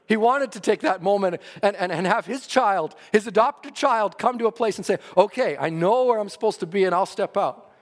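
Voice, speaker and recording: High pitched guy preaching, earnest, ups and downs in emphasis, echoey hall. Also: moderate pace. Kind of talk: sermon.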